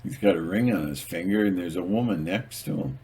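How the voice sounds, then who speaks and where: A man's voice: sits low, a little fast, a little mellow, breathy edge. A man telling stories in a casual, rambling monologue, hesitant and full of fillers, acting out little skits as he goes. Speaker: channel host.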